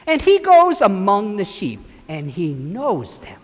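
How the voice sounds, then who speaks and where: A man's voice: high voice, huge pitch swings, takes it slowly, hardly any pauses. A man, a priest, telling a gospel story with children acting it out, directing them as he goes. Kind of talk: children's sermon with acted gospel. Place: church. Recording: long church reverb.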